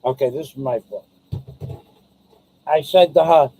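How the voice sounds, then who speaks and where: Slow, mellow-voiced man telling a grumbling story. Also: on the high side, gravelly, breathy edge, rough recording. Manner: chatty storyteller, quotes people, grumbles about prices. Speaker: vlogger. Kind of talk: rambling casual monologue.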